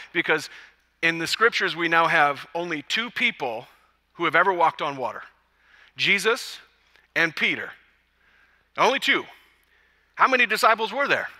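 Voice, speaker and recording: Bright-voiced male pastor preaching. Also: on the high side, big-room sound. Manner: lively, joking storyteller who acts out quotes. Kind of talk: sermon. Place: church service.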